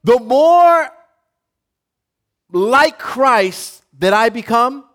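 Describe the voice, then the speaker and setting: Male pastor, slightly high voice, lively unhurried sermon delivery to a live congregation. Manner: preaching to a live congregation, building from quiet to shouting.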